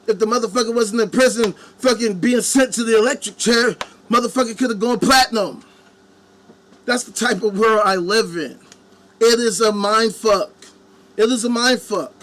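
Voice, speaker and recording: A man's voice: high voice, moderate pace, fairly bright tone. A man hosting a live stream, ranting angrily with heavy swearing and mocking the people he quotes. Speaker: live-stream commentary host. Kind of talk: profane ranting monologue. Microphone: webcam.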